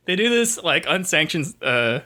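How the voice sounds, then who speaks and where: A young man rambles through a casual movie review on a podcast. His voice sits a little high and rings bright and forward. He swears freely and keeps breaking into mocking impressions of the characters. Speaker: podcast co-host.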